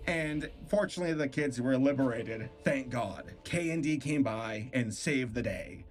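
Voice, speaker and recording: A man's voice: medium pitch, lively intonation, a little slow. A man hosting a stream, reviewing a cartoon episode in casual, incredulous commentary, disgusted and laughing often.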